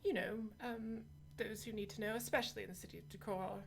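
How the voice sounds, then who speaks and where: A woman voicing a brisk woman shopkeeper who sells birds, businesslike and dryly teasing. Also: mid-range voice, fairly even intonation, gravelly, a little hiss or hum, voice pushed up, close to an everyday voice.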